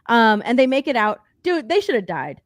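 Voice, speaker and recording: High-voiced woman podcaster ranting thru a movie plot, swears a lot, does the characters' lines, dry close mic. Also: normal speed, no room sound. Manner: animated, profane, acts out characters' lines. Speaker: podcast co-host. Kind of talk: casual chat recapping a movie.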